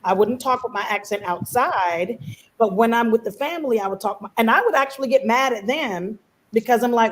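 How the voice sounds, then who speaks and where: A woman's voice: a little high, moderate pace, poor audio. A chatty woman panelist from a Belizean-American family. She tells her stories animatedly and packs them with fillers. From United States, Belizean family. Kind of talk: casual panel discussion.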